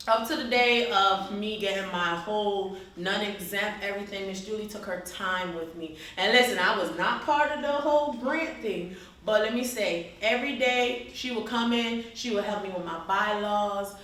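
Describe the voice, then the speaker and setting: A woman's voice: medium pitch, normal speed. Storytelling woman, echoey room from afar. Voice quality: animated, often acts out quoted voices. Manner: repeats "you understand?" to her listeners. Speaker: grateful friend giving a testimonial. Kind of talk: casual storytelling to a group. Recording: echoey room, voice from a distance, faint noise.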